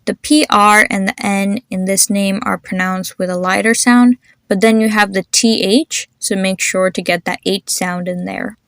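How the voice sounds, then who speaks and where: A woman's voice: medium pitch, fairly even intonation, a bit bright, dry recording, clean studio sound. A young woman hosting a podcast, patiently teaching pronunciation and encouraging listeners to repeat after her. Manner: encouraging, patient, demonstrates sounds slowly. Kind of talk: instructional podcast.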